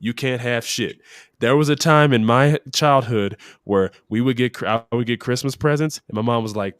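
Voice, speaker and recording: A man from Tennessee co-hosting a casual podcast chat, telling profane, animated stories and laughing often. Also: mid-range voice, normal speed, smooth, no room sound, studio quality. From Tennessee, United States. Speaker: podcast co-host.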